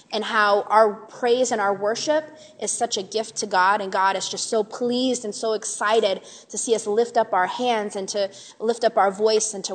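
A woman Sunday school teacher giving a chatty, animated workshop talk to a live group, full of fillers. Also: medium pitch.

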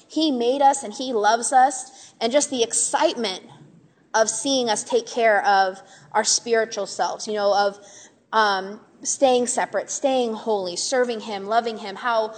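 Woman, Sunday school teacher, chatty, animated, lots of fillers, fairly high voice. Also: a little slow. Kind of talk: casual talk to a live group.

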